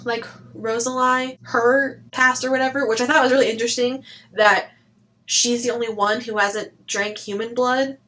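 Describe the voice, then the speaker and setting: A woman's voice: fairly high pitch, steady tone, moderate pace, pushed and bright, rough recording. A woman chatting casually through a book review, blunt and chatty, swearing now and then and saying "like" a lot.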